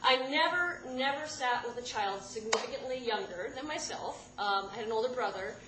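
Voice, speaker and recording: A woman telling a personal story live, animated and often laughing mid-sentence as she restarts her words. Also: fairly high pitch, normal speed. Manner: animated, self-interrupting, laughing through lines. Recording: echoey room with background noise.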